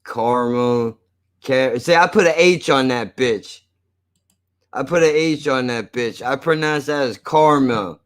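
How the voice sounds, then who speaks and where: At a measured pace and medium pitch, a man with a South Jersey accent hangs out on a live stream, chatting loosely with his viewers and cursing as he goes.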